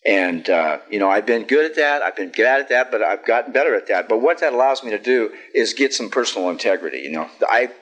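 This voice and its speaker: A man's voice: lowish voice, expressive, brisk, few pauses, fairly bright tone, poor audio. A middle-aged man speaking at a recovery meeting, telling a personal story in a plain-spoken, candid way with frequent fillers and self-deprecating humor. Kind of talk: personal sharing talk.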